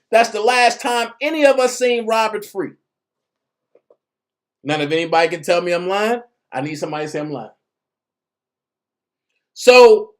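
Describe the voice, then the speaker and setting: A man's voice: high-pitched, moderate pace, pauses often. A man giving casual commentary as a vlogger, talking in slang and reading documents aloud.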